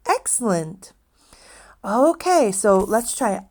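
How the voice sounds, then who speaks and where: Slow, sing-song woman teacher. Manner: slow, drawn-out teacher talk, lively pitch, praises and prompts. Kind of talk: children's online lesson.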